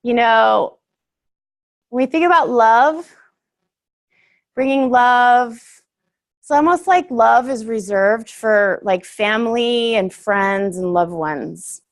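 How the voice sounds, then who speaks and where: A woman's voice: a little high, slow, pauses often. A young woman giving a casual, earnest workshop talk to a group, chatty and full of fillers, laughing easily.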